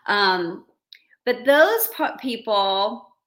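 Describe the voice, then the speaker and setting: A woman who counsels couples, giving earnest advice on a podcast in a slow, reflective way with light laughs. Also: fairly high pitch, lively intonation, fairly bright tone. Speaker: podcast host and couples therapist.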